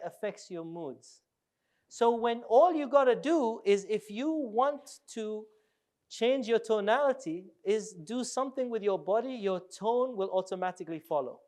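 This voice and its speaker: Brief: high-pitched male speaker, animated and playful, works the room. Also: a little slow. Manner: animated, jokey, asks the audience questions. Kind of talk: live workshop talk.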